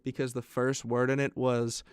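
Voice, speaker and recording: A man's voice: medium pitch, flat delivery, moderate pace, clear, resonant tone, dry recording, clean studio sound. A young man co-hosting a podcast, telling stories in casual chat, swearing often and acting out what other people said. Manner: swearing storyteller, acts out other people's lines. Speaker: podcast host.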